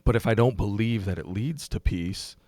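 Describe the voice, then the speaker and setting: Low-voiced man, thoughtful pastor guest. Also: moderate pace, darkish tone, no room sound. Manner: thoughtful, explanatory, with frequent ums and restarts. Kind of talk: casual podcast conversation.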